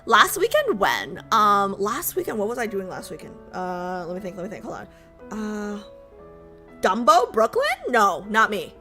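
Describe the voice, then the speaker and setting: A woman streamer chatting casually with her viewers, self-mocking and repeating phrases as she goes, her voice a little raspy. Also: mid-range voice, sing-song, a little slow, pauses often, bright, forceful tone, faint music behind. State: slightly raspy voice.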